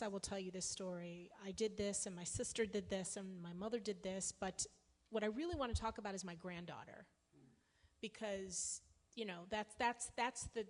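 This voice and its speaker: A woman moderates a panel discussion at a middle pitch. She talks conversationally and keeps circling back and restarting her sentences. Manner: conversational, many restarts and fillers. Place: lecture hall.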